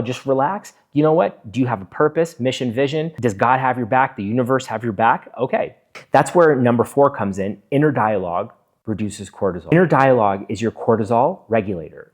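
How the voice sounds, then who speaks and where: A man's voice: medium pitch, normal speed, a little mellow. Earnest man explaining self-talk to camera. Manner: earnest, acts out inner self-talk in quotes. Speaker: physician video host. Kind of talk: casual explainer monologue to camera.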